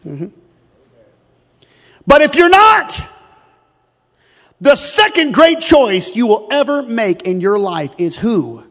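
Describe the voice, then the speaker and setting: Middle-aged male preacher, high-pitched, folksy and joking, reverberant sanctuary sound. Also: very animated, slow, long pauses, fairly bright tone. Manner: storytelling, joking, calls out to the congregation. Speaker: pastor. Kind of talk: sermon. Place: church sanctuary.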